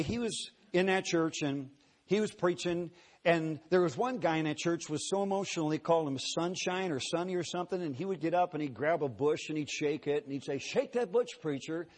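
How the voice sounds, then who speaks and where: Slightly high-voiced storytelling pastor. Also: male voice. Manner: folksy storytelling, unhurried. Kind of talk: sermon.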